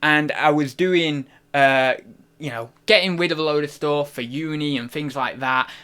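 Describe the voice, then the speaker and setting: On a laid-back livestream, a young man with a slightly high voice and a sharp, clean tone talks at a moderate pace into a desk microphone. He meanders, jokes, and keeps cutting himself off mid-sentence.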